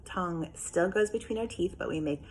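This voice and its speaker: A woman teaching young children remotely, with a fairly low voice. She patiently sounds out each letter sound and checks in with the class. A faint hum sits in the background of her home recording. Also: fairly quick. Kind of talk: remote phonics and writing lesson.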